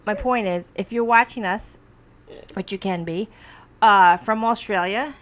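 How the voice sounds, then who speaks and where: A woman's voice: mid-range voice, measured pace, fairly bright tone. A woman hosting a podcast, chatting in a rambling, casual way and laughing often. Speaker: podcast host. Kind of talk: casual chat. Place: Hudson Valley, New York.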